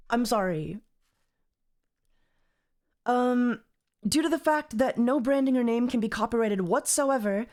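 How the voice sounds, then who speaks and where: A woman's voice: mid-range voice, a little mellow. A woman streamer reacting on a live stream, rambling and exasperated, repeating herself as she talks. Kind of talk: casual livestream commentary.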